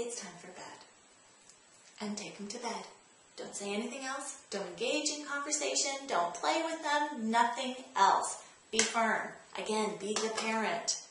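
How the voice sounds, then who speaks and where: A woman's voice: a little high, fairly bright tone, a little hiss or hum. A woman hosting a parenting tips vlog, talking straight to the viewer in a direct, coaching way and repeating her key points. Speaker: parenting advice host. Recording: very echoey room, faint ambience.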